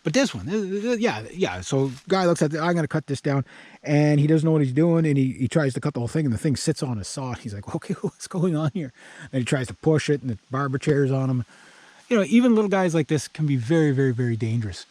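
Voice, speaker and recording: A man's voice: a little high, animated, quick pace, mellow, no room sound. A middle-aged man from Canada talking casually as he walks around his yard, rambling with asides and the odd swear word. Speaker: vlogger. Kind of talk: casual walkaround explainer. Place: outdoors in a wooded yard.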